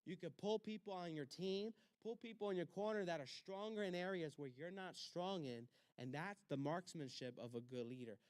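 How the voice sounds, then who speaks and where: A pastor leads a church leadership class, a man with a fairly high voice who drives his points home with short, punchy commands. He slips into quick back-and-forth lines to act out conversations. The sound is dry and close. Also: a little mellow, clear, resonant tone, dry recording.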